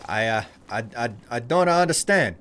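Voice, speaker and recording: A man putting on an exaggerated Italian accent to play a boastful, excitable male barista while streaming a game. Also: mid-range voice, moderate pace, noisy background, lightly acted. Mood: hammy. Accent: put-on Italian. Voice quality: exaggerated accent with "eh?" and "yeah?" tags.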